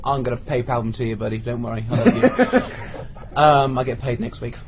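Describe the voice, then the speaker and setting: A British man's mid-range, steady voice moves at a brisk clip as he recounts a funny anecdote to friends on a podcast he co-hosts, imitating the people involved. It's a lo-fi recording with faint background noise.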